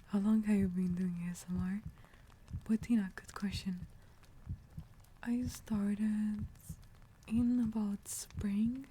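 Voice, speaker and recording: Woman whispering asmr chat on stream, slow and easy, super mellow dark tone, relaxed low voice. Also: slight background noise. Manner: soft whispering, greets viewers and answers chat; drops into a relaxed lower voice. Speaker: livestream host.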